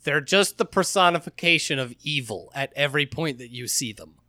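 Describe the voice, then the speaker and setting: A man co-hosting a casual gaming podcast, talking in an animated, jokey, mocking way. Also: fairly high pitch, fairly quick, no echo, clean studio sound. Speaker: podcast co-host.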